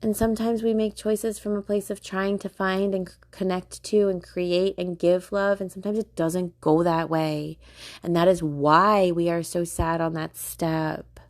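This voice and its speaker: A young woman hosts her own podcast in a loose, chatty monologue, full of "like" fillers and casual swearing. Her voice sits a little low for a woman. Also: little pitch movement, a little slow. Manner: chatty, filler-heavy, swearing, laughing often. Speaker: podcast host.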